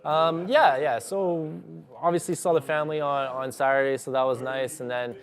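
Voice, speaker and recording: A man's voice: mid-range voice, fairly even intonation, moderate pace. A young man trading live and talking through his moves in a casual, rambling way, full of fillers. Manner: rambling, many fillers, thinks aloud while trading. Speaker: day trader streaming live.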